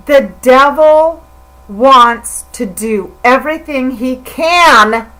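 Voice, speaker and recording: A woman's voice: high voice, animated, slow pace, sharp tone, poor audio. A middle-aged woman talking straight to the camera in an emotional, rambling religious monologue, stammering and repeating herself as she goes. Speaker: vlogger.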